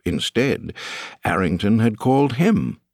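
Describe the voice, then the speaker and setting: A man reading an audiobook as its narrator, in a measured, expressive way. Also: fairly low pitch, no room sound, studio quality. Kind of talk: scripted narration.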